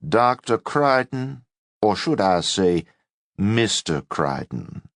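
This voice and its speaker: A man voicing a stern, pompous male chief resident doctor with a soft Southern accent, speaking in a slow, clipped, condescending way. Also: lowish voice, sing-song, no room sound, clean studio sound, heavily acted. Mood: stern scolding.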